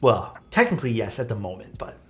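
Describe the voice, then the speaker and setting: A man's voice: lowish voice, sing-song, brisk, a bit bright, soft background music. A young man chatting casually with his live-stream chat while building a keyboard, laid-back and self-deprecating, reading messages aloud.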